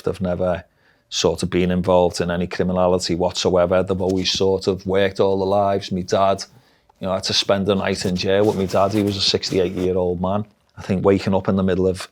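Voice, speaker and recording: A middle-aged man with a Liverpool Scouse accent, telling his life story bluntly and frankly in an interview. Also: sits low. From Liverpool, England. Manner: blunt, dialect-heavy, frank. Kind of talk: candid personal storytelling.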